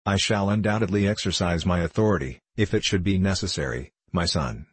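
A man's voice: sits low, brisk, slightly rough, no echo. A man voicing a stern, pompous small-town deacon who speaks in stiff formal phrases.

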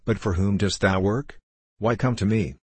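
Man voicing gruff old horse trader Mahbub Ali. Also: on the low side, moderate pace, no room sound. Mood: suspicious. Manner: blunt, suspicious, commanding. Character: gruff elderly male Afghan horse trader.

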